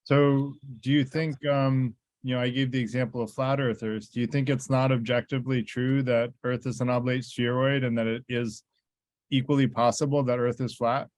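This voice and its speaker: Flat-voiced male interviewer. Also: medium pitch, moderate pace, no room sound. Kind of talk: interview questions.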